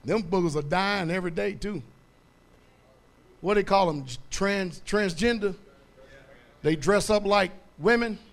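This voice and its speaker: A high-pitched male pastor delivering a sermon in a blunt, colloquial way. He keeps asking his congregation to finish verses and climbs to loud, emphatic preaching. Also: a little slow, long pauses.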